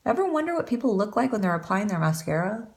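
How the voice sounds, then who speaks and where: Speaking fast and very animatedly in a mid-range voice, a beauty vlogger talks her way through a makeup tutorial. She's chatty, wanders off on tangents, and jokes at her own expense.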